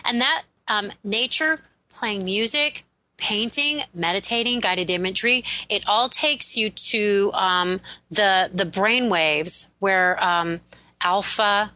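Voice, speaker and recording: A woman's voice: medium pitch, takes it slowly, bright, forceful tone, poor audio. A woman who is a relationship and prosperity expert, speaking as a guest in a radio interview and explaining ideas in an enthusiastic, affirming way.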